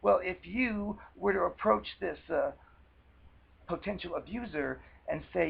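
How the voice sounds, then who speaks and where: Man with a country twang, husky and gravelly, rambling earnest advice vlog. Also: high voice, measured pace, phone-quality sound. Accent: American country twang. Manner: rambling, earnest, with many restarts. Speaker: vlogger. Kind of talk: casual advice monologue.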